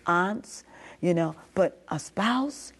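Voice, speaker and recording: A woman's voice: fairly low pitch, expressive, slow, husky. A middle-aged woman giving a heartfelt personal testimony as an interview guest, telling her story and acting out what others said. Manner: storytelling, acting out quoted speech; impassioned, pleading.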